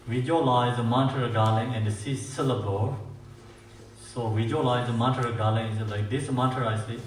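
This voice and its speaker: A man with as his language gives a dharma teaching as a Buddhist teacher. He talks haltingly, with many fillers and restarts, and slows down to chant mantras. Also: medium pitch, fairly even intonation. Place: meditation centre hall. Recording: echoey room, mic far off, faint hiss.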